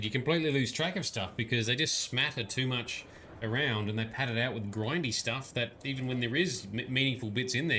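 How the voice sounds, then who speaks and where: A man's voice: mid-range voice, pushed and bright, slight background noise. A man giving casual gaming-stream commentary, chatting to viewers, swearing and laughing often. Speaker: livestreamer.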